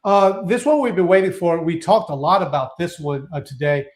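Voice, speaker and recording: Excitable high-voiced male co-host. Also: moderate pace. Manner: excitable, restarts sentences, laughs often. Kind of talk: casual live-stream chat.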